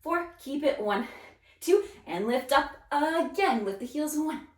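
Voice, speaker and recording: A woman's voice: high voice, expressive, measured pace. A woman leading a follow-along ballet arm workout, counting beats and cueing moves in an encouraging, upbeat way. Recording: roomy sound, mic set at a distance.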